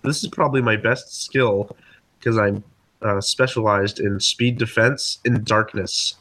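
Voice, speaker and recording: A man playing a tabletop game, animated and playful as he talks through his rolls. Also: on the low side, a little slow. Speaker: player.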